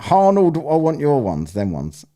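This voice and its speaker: A man's voice: on the high side, wildly swooping pitch, measured pace, dark tone, slight background noise. A man hosting a casual live-stream, rambling, swearing and laughing as he plays listener clips. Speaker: streamer hosting a soundbite contest.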